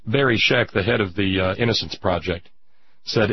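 Indignant husky-voiced male commentator. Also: on the low side, lo-fi sound. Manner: indignant, drawn-out emphatic pauses. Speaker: radio commentator. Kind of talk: impassioned political monologue.

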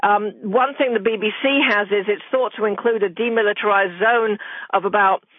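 A British woman correspondent talks through the news in a measured way, pausing often with ums and uhs. Her voice comes through a narrow, tinny phone line that sounds dry, with no room around it. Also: medium pitch, fairly even intonation, no room sound. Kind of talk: radio news report in conversation.

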